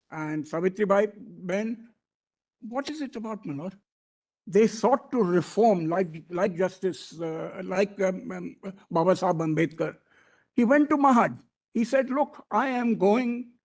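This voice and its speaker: A man's voice: high-pitched, darkish tone. A man with an Indian English accent arguing formally before a court bench, deferential and emphatic, addressing the judges as "my lord" and often restarting his phrases.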